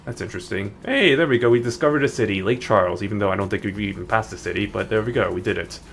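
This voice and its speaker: A man's voice: on the low side, quick pace, creaky, a bit bright. A man streaming a game, chatting casually in a rambling way with many restarts. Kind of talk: casual gaming stream chat. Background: faint background music.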